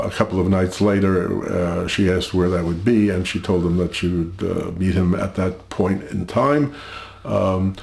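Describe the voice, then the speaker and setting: An older man tells his family's history in a very deep voice with a gravelly, creaky edge. He speaks slowly and haltingly, pausing often and filling gaps with "uh" and "um". The room around him adds a noticeable echo. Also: a little mellow. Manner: halting, measured, many pauses and fillers. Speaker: interview guest. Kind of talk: recounting family history in an interview.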